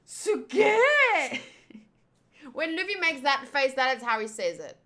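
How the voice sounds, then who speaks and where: A young woman reads a comic aloud and comments on it, with giggly asides and jokes. Her voice is high and bright. She speaks unhurriedly and with a lot of rise and fall. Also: very animated, a little slow. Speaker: channel host. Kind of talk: manga readthrough with commentary.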